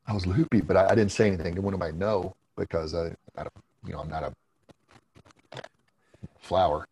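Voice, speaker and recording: A man's voice: low-pitched, steady tone, a little fast, pauses often, darkish tone, slight background noise, poor audio. A man as a podcast guest, telling stories in a laid-back, casual way, swearing freely and laughing between lines. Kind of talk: casual storytelling chat.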